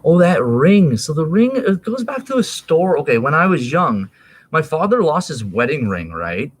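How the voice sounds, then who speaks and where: A man's voice: on the high side, big pitch swings, normal speed, husky. A man in his thirties rambling in a casual, profane monologue, laughing and jumping between topics.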